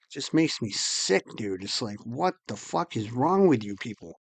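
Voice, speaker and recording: A man's voice: medium pitch, sing-song, moderate pace, creaky, slightly rough, no echo. A man ranting angrily and profanely to his viewers as host of his channel. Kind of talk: angry monologue to camera.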